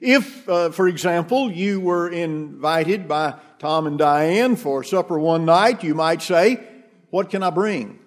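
A minister delivers a sermon in a church, his voice sitting high for a man. He speaks slowly and deliberately, building his points through rhetorical questions. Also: expressive.

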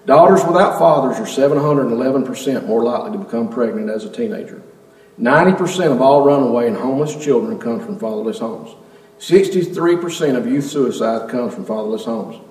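A man's voice: medium pitch, a little fast, a little mellow. A man preaching a sermon in a church, earnestly putting rhetorical questions to the congregation. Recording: echoey hall, mic at a distance.

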